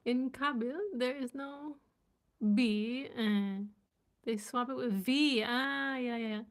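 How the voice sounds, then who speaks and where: A woman with a fairly high voice speaks slowly and casually, stopping to sound out unfamiliar words piece by piece. She is curious and laughs at her own attempts as she chats to her viewers. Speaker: language vlogger. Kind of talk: casual live reading and chat.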